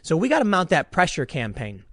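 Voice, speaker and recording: Male political commentator with a high, swooping voice. Rambling, animated delivery with many restarts. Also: fairly quick, no room sound, studio quality.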